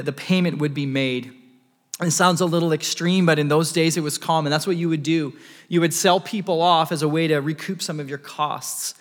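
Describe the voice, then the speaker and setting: Guy preaching a sermon, kinda high voice, keeps restarting words, long echo in the hall. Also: fairly bright tone. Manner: earnest preaching with repeated restarts. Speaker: pastor.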